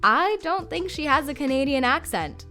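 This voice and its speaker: A woman's voice: high voice, animated, normal speed, sharp tone, soft background music. A woman hosting a voice-acting tutorial, explaining things in an upbeat, chatty way. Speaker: voice coach host.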